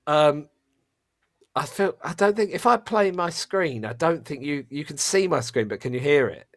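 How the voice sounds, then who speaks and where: A man's voice: a little high, lively intonation, moderate pace, fairly bright tone, no echo, clean studio sound. A man co-hosting a podcast over a video call, chatting casually and laughing easily. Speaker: podcast co-host. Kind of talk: casual chat.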